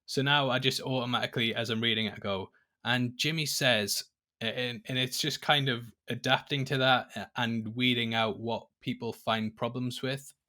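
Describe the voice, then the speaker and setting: A man being interviewed as a YouTube guest, speaking in a measured, thoughtful way with some hesitant fillers. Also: medium pitch, fairly even intonation, bright, forceful tone. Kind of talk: casual interview chat. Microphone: remote call audio.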